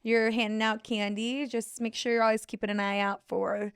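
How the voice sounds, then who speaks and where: A young woman co-hosts a casual podcast, tossing in quick, playful remarks. Her voice is fairly high and smooth, recorded close and dry. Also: level tone, no echo. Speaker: podcast co-host. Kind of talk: casual chat.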